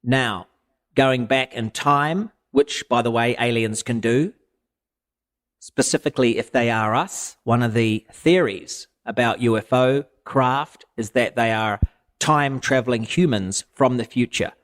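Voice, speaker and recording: Deadpan rambling man, podcast guest. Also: medium pitch, a little slow. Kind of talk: comedic podcast chat.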